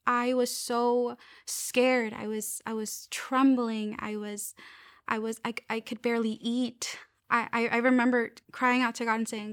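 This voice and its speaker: A young woman sharing a personal faith testimony, earnest and halting, often restarting her sentences. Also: a little high, flat delivery, no echo, clean studio sound.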